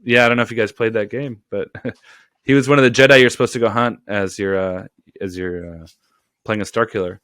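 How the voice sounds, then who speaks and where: A man's voice: fairly low pitch, steady tone, a little fast, a bit bright, no echo, studio quality. A man co-hosting a casual fan podcast, rambling and repeating himself as he searches for words. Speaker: podcast co-host.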